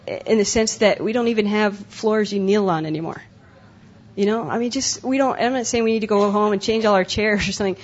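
Her voice is husky and mid-range as this young adult woman addresses a conference breakout session, earnest, emotional, and prone to saying things more than once. It was captured as a dull, lo-fi live recording.

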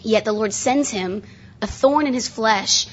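A woman's voice: fairly high pitch, measured pace. A woman speaking earnestly at a conference seminar, preaching in a casual way with frequent restarts. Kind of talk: conversational sermon. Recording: dull lo-fi recording.

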